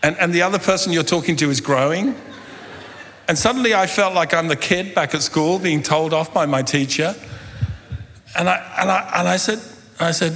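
A middle-aged man preaching a humorous sermon, animated and telling stories with acted-out dialogue. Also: on the high side, normal speed, a little hiss or hum. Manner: animated, jokey, acts out dialogue. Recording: long hall reverb.

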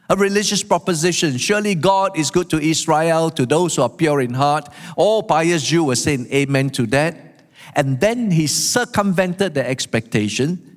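A man preaching a sermon, animated, acting out the quotes he tells. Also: on the high side. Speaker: pastor. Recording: long hall reverb.

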